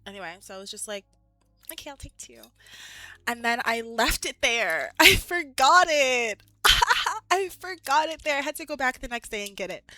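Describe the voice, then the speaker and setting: Bright-voiced, giggly woman streamer. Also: a little high, dry recording. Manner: chatty, rambling, giggly, lots of "like". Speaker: live streamer. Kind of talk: casual chat with viewers.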